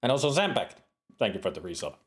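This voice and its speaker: A man's voice: fairly low pitch, sing-song, fast, husky. A man streaming a retro adventure game, casually reading the game text aloud with playful, sing-song emphasis.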